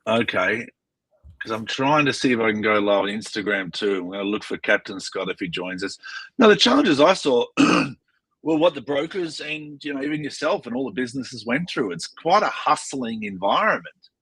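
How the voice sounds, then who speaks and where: A man hosting a relaxed video call chat from a boat, laughing easily. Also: mid-range voice, moderate pace, husky, dry recording, rough recording. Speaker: host. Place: on a boat bridge.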